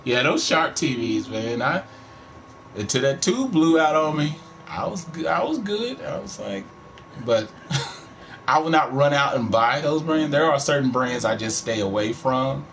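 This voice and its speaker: A middle-aged man from Texas, country accent and all, streams a game from home in a medium-pitched, somewhat bright voice with lively intonation and a measured pace. There's a little hiss or hum, and his casual let's-play commentary is rambling, laid-back and profane.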